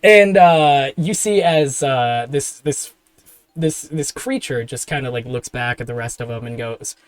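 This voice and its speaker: A man running a tabletop game describes the scene in loose, rambling narration, stopping often on fillers and restarts. His voice sits in a middle pitch. The sound is dry and close to the mic. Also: a little slow, no echo. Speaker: game master.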